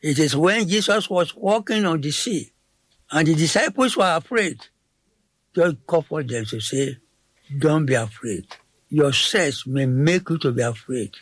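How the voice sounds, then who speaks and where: A man preaching a sermon in slow, emphatic, short phrases, switching between English and Yoruba. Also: a little high, expressive, slightly rough, no echo.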